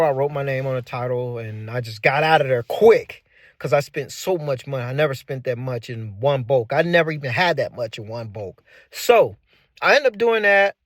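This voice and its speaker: A man in his forties telling his own story in a casual, animated way, giving advice and repeating points for emphasis. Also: a little high, no room sound, studio quality. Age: 40s. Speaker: channel host.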